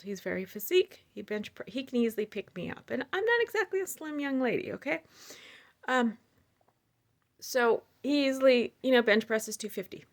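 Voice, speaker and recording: A woman telling a personal story to her viewers in a casual, animated way, with many fillers and asides. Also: on the high side, gravelly. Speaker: storyteller sharing personal experiences.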